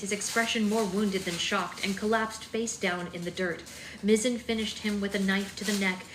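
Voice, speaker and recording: A woman hosting a live book club, reading a novel aloud steadily with chatty asides. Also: medium pitch. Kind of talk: live-stream read-aloud. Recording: echoey room with faint noise.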